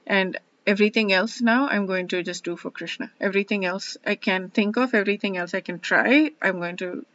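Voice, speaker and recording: A woman hosting her own verse-by-verse study, talking earnestly and haltingly with many restarts as she reflects and explains. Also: medium pitch, a bit bright, no echo. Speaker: host studying scripture one verse a day. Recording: dull lo-fi sound.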